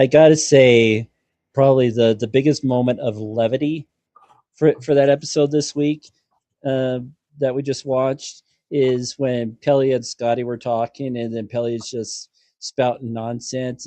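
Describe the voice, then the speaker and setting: A man hosting a casual podcast chat, talking in halting bursts with frequent restarts and the odd curse. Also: mid-range voice, flat delivery, warm tone, no room sound. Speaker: podcast host.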